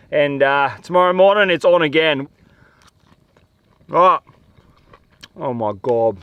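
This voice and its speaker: A man with an Australian accent vlogging outdoors in the desert, talking in a chatty, slangy, excitable way. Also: high voice, clean tone, dry recording. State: tired. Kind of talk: casual outdoor vlog talk. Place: outdoors in desert dunes and scrub.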